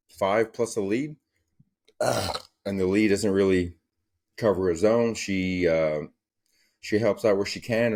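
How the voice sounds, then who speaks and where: Young man ranting on a podcast, low voice. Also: a little mellow. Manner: profane, rambling, storytelling. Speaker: podcast host. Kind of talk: casual solo podcast rant.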